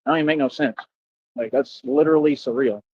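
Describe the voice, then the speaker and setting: A man's voice: mid-range voice, fast talker, darkish tone, slightly rough, highs cut off. A man hosting a livestream, ranting at his critics in confrontational street slang. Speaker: livestream host. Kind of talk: livestream rant.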